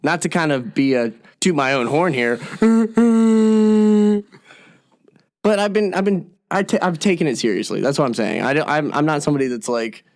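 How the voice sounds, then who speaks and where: Animated, swearing young man telling stories. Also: fairly high pitch, quick pace, hardly any pauses. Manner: animated, profane, acts out quotes. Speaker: podcast co-host, actor. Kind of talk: casual comedy chat, storytelling.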